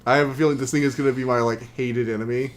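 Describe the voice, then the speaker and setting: A man talking through his own game stream in an easygoing, wry way. His voice sits at an ordinary middle pitch. He rambles on through his plans and breaks into exasperated outbursts when the game surprises him. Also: fairly even intonation, racing. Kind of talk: gaming stream commentary.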